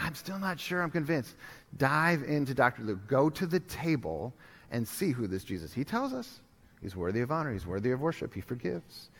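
A male pastor preaching a sermon, telling a story with animated swings from urgent loud appeals to hushed, quiet moments. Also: medium pitch, big-room sound. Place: church sanctuary.

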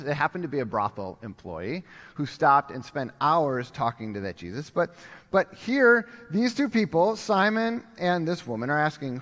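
A man's voice: high-pitched, bright, forceful tone, in a large hall. A man preaching a sermon, telling a story and acting out bits of dialogue with casual asides. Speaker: pastor.

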